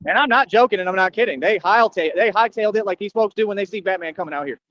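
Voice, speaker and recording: A high-pitched man races through a boastful, confrontational streamer monologue, mocking the people listening. Background noise sits under a dull, lo-fi recording.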